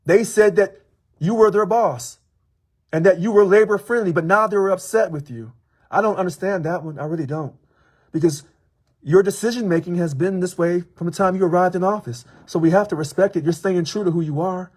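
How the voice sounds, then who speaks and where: A man with a husky, slightly raised voice speaks as a union local president, addressing a public official in a measured sermon-like tone. He drives points home by repeating them and spacing his words deliberately. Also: sits high, darkish tone. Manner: measured, preachy, repeats for emphasis. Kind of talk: direct-address video commentary.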